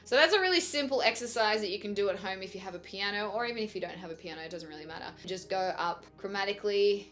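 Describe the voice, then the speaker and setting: A woman's voice: mid-range voice, fast talker, hardly any pauses, fairly bright tone, soft background music. A young woman teaching singing in a chatty, upbeat vlog, breaking off to demonstrate sung exercises. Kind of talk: vocal lesson vlog.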